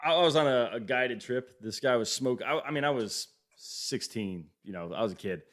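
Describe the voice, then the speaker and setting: A man's voice: medium pitch, lively intonation, moderate pace. A man from Colorado hosting a podcast, chatting easily and telling a story of his own. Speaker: podcast host. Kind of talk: casual chat.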